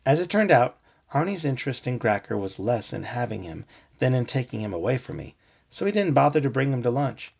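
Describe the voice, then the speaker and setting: A man's voice: mid-range voice, brisk, vocal fry, husky. A man reading a children's book aloud to his family, telling it expressively. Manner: expressive storytelling.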